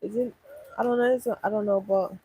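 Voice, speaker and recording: A woman's voice: mid-range voice, steady tone, fairly quick, warm tone, slightly rough, dry recording, low-quality recording. A young woman chatting casually with viewers on a livestream, thinking aloud and restarting her sentences. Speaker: livestream host answering viewers. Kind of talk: casual live chat.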